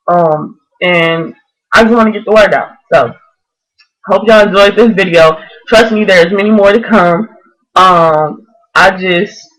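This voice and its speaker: A woman's voice: mid-range voice, low-quality recording. A woman in her twenties speaks straight to her camera in a vlog. She preaches earnestly and with fervent conviction, pressing every point home. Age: 20s. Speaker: vlogger.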